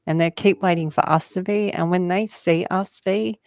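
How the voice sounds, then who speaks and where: A woman's voice: lowish voice, steady tone, darkish tone, no echo. A woman, a guest telling rambling spiritual stories in a conversation, often laughing. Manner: slow, meandering storytelling with laughs.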